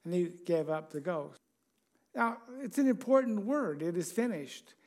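Male preacher, high voice, casual sermon delivery, chuckles, asks questions of the congregation. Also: animated, a little slow.

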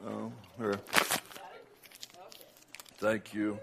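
An older man with a Southern US accent, a guest preacher chatting casually before his sermon, laughing between asides and swelling loud and slow when he praises. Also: fairly low pitch, monotone, vocal fry, heavy background noise.

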